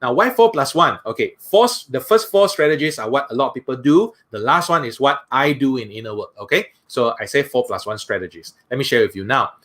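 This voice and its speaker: A man's voice: mid-range voice, lively intonation, brisk, few pauses, fairly bright tone. A man with a Malaysian English accent giving a conversational seminar talk as a motivational speaker, often asking the audience questions.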